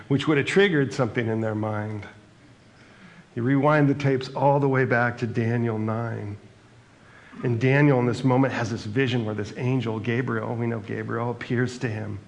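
A man's voice: medium pitch, creaky. A man preaching a sermon in a conversational way, reading scripture passages aloud between his own remarks. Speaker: pastor.

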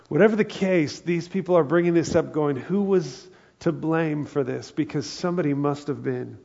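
A pastor delivers a sermon in a relaxed, conversational manner, frequently voicing the people in his story. His voice is gravelly, slightly husky, and mid-pitched, and the recording sounds dull and lo-fi.

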